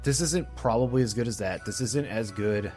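A man's voice: on the low side, moderate pace, darkish tone, soft background music. A man co-hosting a podcast in casual chat, laughing often and slipping into silly quoted voices. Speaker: podcast co-host. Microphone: remote podcast mic.

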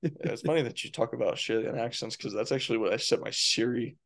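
Easygoing man with a gravelly voice. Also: mid-range voice, quick pace. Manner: easygoing, agreeable, says dude a lot. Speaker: guest, professional pitcher and pitching coach. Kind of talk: casual chat.

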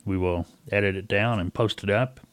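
A man's voice: fairly low pitch, moderate pace, dry recording. A middle-aged man hosting a casual talk radio show, telling a folksy story and acting out a caller's lines.

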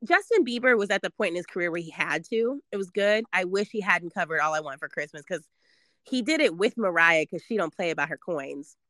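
A woman in her thirties, hosting a casual chat, animated and laughing as she talks. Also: on the low side, a little fast, dry recording, clean studio sound. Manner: animated, laughing, reads lyrics aloud playfully.

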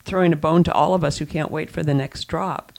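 A woman's voice: sits low, fairly even intonation, brisk, gravelly, darkish tone. A woman co-hosting a political talk show, speaking emphatically in casual chat, repeating herself and restarting her sentences. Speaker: co-host and columnist.

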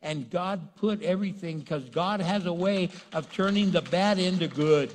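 A man preaching a sermon, retelling a story in a lively, conversational way and acting out the characters. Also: a little high, normal speed, hardly any pauses, a little hiss or hum. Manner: animated storytelling, acts out characters. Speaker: pastor. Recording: long reverb in a large hall.

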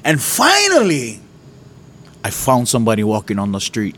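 A man's voice: mid-range voice, wildly swooping pitch, normal speed, fairly bright tone. Earnest man. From Hawaii. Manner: earnest, conversational storytelling. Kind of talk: personal faith testimony.

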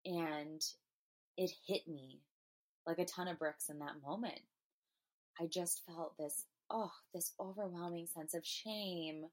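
A woman hosts her own podcast and talks at length about her feelings and experiences. She is earnest and emotional, and she wanders with frequent "um"s and restarts. Her voice sits a little low for a woman. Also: fairly even intonation, takes it slowly. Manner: earnest, emotional, meandering with fillers. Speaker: podcast host. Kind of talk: personal spiritual monologue.

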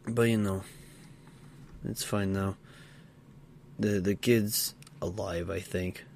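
A tired man co-hosting a podcast, telling a story in a halting, casual way with lots of fillers and restarts. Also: sits low, fairly even intonation, a little mellow, a little hiss or hum. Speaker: podcast co-host. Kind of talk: casual role-play storytelling.

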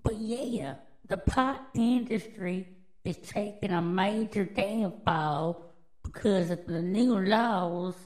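Over poor audio, an adult woman with children speaks slowly in a mid-range, darkish voice. As a podcast host, she gives casual news commentary, riffing brashly and profanely with a drawl.

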